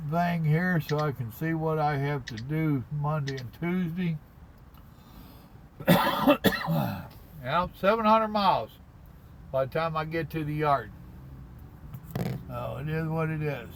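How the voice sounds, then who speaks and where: Slow-talking trucker, folksy drawl. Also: male voice, a little high, slight background noise, rough recording. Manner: folksy, slow drawl, calls people brother. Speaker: truck driver hosting a live stream. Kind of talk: casual live chat reading viewer comments. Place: parked in his truck cab at a stop.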